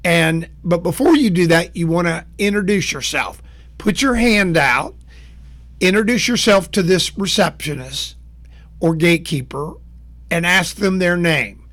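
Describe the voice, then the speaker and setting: With a high, expressive, fairly bright voice and measured pace, a sales trainer addresses the camera in an instructional talk. He's plain-spoken and folksy, working through steps and acting out short exchanges.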